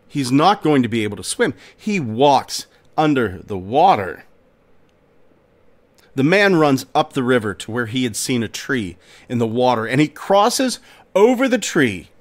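A man hosting a podcast, narrating a folk tale in a dramatic, expressive storytelling manner. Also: medium pitch. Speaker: podcast host.

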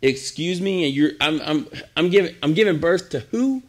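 A man's voice: on the high side, expressive, normal speed. A man voicing a startled teenage girl in a sermon retelling, stammering and flustered. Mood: disbelieving.

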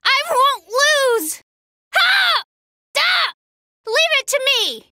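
A woman voicing a spunky, cocky young girl fighter in video game voice lines, brash and boastful with yelled battle cries, recorded close in a studio. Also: big pitch swings, very slow, no echo, exaggerated voice. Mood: battle shouts, then cocky teasing. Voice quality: high bright girlish voice. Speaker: voice actor. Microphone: close studio mic.

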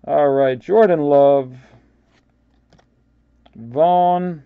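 A man's voice: a little high, very slow, creaky, clean tone, dry recording, phone-quality sound. A man with a New York accent hosting a live card break, casually calling out player names and stumbling over some of them.

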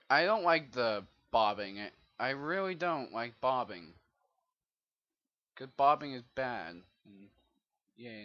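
A man talks through his gameplay in a rambling, swearing stream, often muttering to himself. He speaks slowly, with a bright tone and a lively up-and-down pitch. The recording is dull and lo-fi. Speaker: gamer doing a let's play. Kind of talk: casual gameplay commentary. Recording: dull lo-fi mic.

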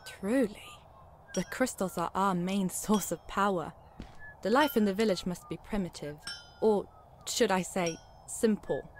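A woman voicing a formal, learned scholar in a video game, measured and polite. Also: medium pitch, slight background noise, natural voice.

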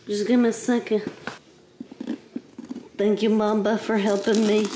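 A boastful young female dog chatters at an unhurried pace about her chews, voiced by a woman in a mid-range voice. She gets easily excited and playful, with faint noise in the room. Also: mid-range voice, lightly acted.

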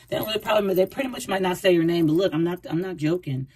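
Talking very fast in a lowish, darkish, slightly rough voice, this tarot reader gives an easygoing reading. Her chatter wanders and repeats itself, and she dramatizes the thoughts she quotes as she goes through the cards.

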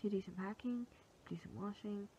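Girl vlogging from home, sore throat, gravelly voice, faint hum behind her. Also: mid-range voice, normal speed, warm tone, dull audio. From England. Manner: chatty and rambling, repeats her plans. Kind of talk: casual vlog chat. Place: at home, indoors.

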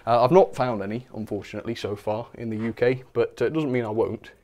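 Hosting a model railway livestream, this young man chats casually with viewers in a mid-range, mellow voice at a fast clip. He giggles often, pokes fun at himself and reads the chat aloud.

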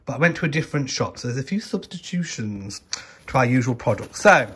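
A relaxed, chatty man filming a casual vlog in his garden. His voice has a slight husky grain and sits at an ordinary middle pitch, and he speaks gently, as if talking to friends. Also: a little fast. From Britain. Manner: chatty and gentle, talks to his cat and camera. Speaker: vlogger. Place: home garden and greenhouse.

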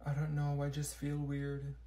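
A man voicing a dramatic teenage schoolgirl in a comedy skit, talking in a mopey, quiet way. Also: mid-range voice, monotone, normal speed, lightly acted.

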